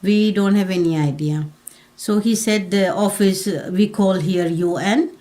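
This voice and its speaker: A woman from Pakistan tells her own story in an interview, talking plainly and haltingly, with frequent restarts. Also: mid-range voice, warm tone. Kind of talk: personal story told in an interview.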